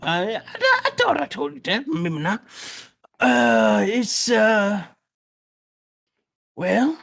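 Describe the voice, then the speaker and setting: Lady doing a mumbly old guy voice, jaw stuck out, folksy, lots of uhs, lively ups and downs. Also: medium pitch, slow pace, gravelly, no room sound, clean studio sound, full character voice. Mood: musing. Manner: folksy, hesitant, full of uhs and trailing thoughts. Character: rambling old man who sends adventurers off.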